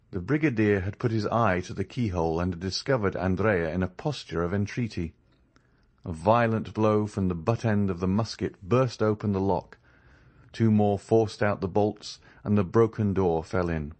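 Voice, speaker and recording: A man narrating a classic novel as an audiobook, in an expressive, measured storytelling manner. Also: fairly low pitch. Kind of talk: scripted narration.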